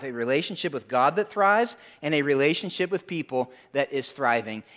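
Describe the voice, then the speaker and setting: A man preaching a sermon in a church, emphatic, drawing in the congregation with questions and pauses. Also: fairly high pitch, a bit bright. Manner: emphatic, calls for audience response, dramatic pauses. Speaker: pastor. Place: church sanctuary.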